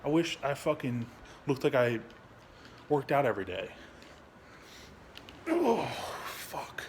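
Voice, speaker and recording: A young adult man, a veteran, talking candidly at home into his phone, frustrated and halting, swearing a lot and restarting his sentences. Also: medium pitch, lively intonation, noisy background. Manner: frustrated, rambling, heavy swearing. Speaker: veteran vlogger. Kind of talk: candid personal vlog.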